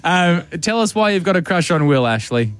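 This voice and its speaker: A man hosting a radio show, teasing callers in playful, excitable banter. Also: sits high, normal speed, over loud music. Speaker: radio host.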